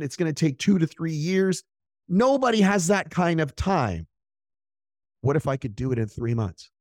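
A man hosting a solo podcast as a business coach, blunt and profane, who fires off motivational points and acts out what other people say in quick asides. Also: a little high, a little mellow, no echo, clean studio sound.

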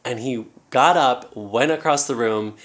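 A man's voice: mid-range voice, measured pace. Playful laughing male podcast host. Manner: playful, laughs often, storytelling. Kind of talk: casual podcast chat.

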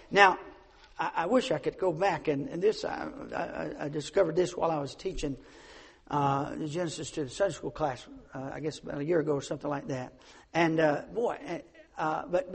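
Gravelly high-voiced preacher man, hall reverb. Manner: preaching, swings from hushed to shouting, stammering restarts. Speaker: pastor. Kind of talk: sermon.

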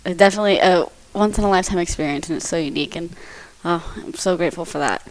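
A woman's voice: lowish voice, quick pace, low-quality recording. A young woman co-hosting a podcast, animatedly telling hunting-trip stories with lots of laughter. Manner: animated storytelling with frequent laughter. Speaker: podcast co-host. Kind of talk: casual chat.

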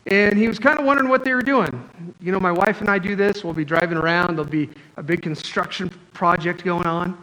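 A man's voice: high voice, a little fast, pushed and bright, poor audio. A man preaching a sermon as pastor, talking in a conversational, joking storytelling way. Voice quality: wears glasses, astigmatism.

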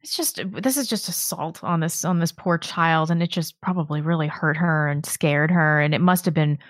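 Woman, low voice, blunt, caustic, podcast co-host, dry sound. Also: normal speed, no room sound. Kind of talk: casual political chat.

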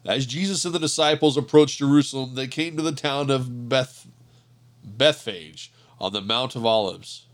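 Man reading scripture in a measured voice. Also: mid-range voice. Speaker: scripture reader.

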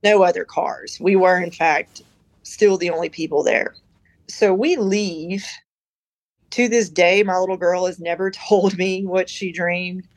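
A woman's voice: lowish voice, steady tone, unhurried, no room sound, low-quality recording. A woman on a podcast as a guest, telling a personal story in a chatty, rambling way with lots of "you know" and "like". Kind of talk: casual storytelling.

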